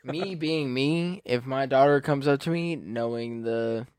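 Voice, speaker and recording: A man's voice: medium pitch, unhurried, a little mellow, smooth, dry recording, studio quality. A man co-hosting a podcast, chatting in a blunt, profane way and laughing often. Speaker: podcast co-host. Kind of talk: casual chat.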